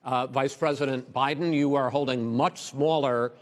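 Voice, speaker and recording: An American man moderating a televised debate, measured and trying to keep order between the candidates. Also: medium pitch, fairly even intonation. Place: large debate hall. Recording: long hall reverb.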